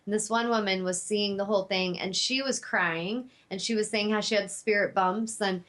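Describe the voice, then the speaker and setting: A woman's voice: medium pitch, steady tone, normal speed, a bit bright. A woman hosting her own show, telling a personal story in a heartfelt, spiritual way, rambling a little with fillers. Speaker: talk show host.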